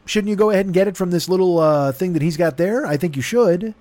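A man's voice: high-pitched, quick pace, darkish tone, no room sound. A man hosting a podcast in a rambling, self-mocking comedic monologue, swearing freely and talking in circles. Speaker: podcast host.

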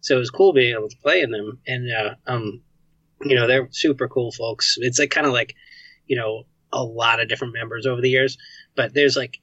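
A man being interviewed, chatting easily with plenty of "like" and "you know". His voice is bright and forward, and the dry, close sound is muffled and lo-fi. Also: mid-range voice, fairly even intonation, fairly quick, no room sound. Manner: laid-back, chatty, lots of "like" and "you know". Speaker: guest, game developer and musician. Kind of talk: casual interview chat.

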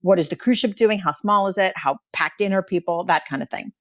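A woman's voice: on the low side, fairly quick, dry recording, clean studio sound. A woman co-hosting a podcast, chatting through survey results with lots of likes and you-knows. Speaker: podcast co-host. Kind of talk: casual podcast talk presenting survey results.

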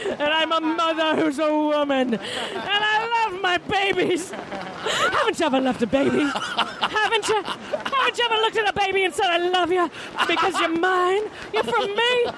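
A woman playing a desperate boozy mother yelling in court. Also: very high voice, gravelly, noisy background, pitched above the performer's own voice, exaggerated voice. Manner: loud, pleading, over-the-top.

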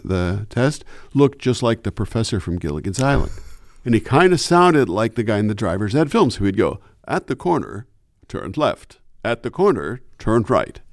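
Lively, chatty male radio announcer. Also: lowish voice, dry recording, studio quality. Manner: animated, chatty, slips into voices. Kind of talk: casual interview chat.

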